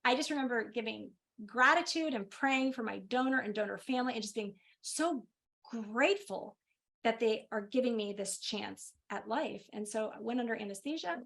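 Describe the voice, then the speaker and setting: A middle-aged woman, a physician, telling her personal story in a webinar in an animated way, often laughing. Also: a little high, normal speed, creaky. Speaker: guest speaker, physician.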